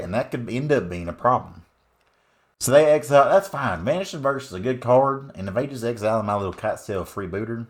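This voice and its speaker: A man voicing a loud, folksy rural Southern man with a put-on Southern US accent, drawling and hollering through gameplay commentary. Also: medium pitch, natural voice. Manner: drawling, hollering, swearing exclamations. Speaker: card game streamer.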